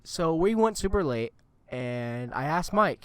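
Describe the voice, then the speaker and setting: A man's voice: on the high side, a little slow, smooth, dry recording. A young man co-hosting a casual podcast, telling a story with lots of swearing. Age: young adult. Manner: profane, animated storyteller. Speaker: podcast co-host.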